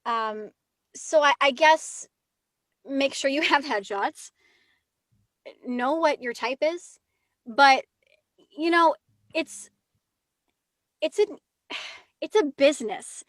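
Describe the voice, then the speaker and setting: A woman with a high, bright-pitched voice talks easily as an interview guest. She is chatty and lively, tumbling into quick asides. Her voice sits close and dry, with no room around it. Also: no room sound. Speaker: actress guest. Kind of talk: casual interview chat.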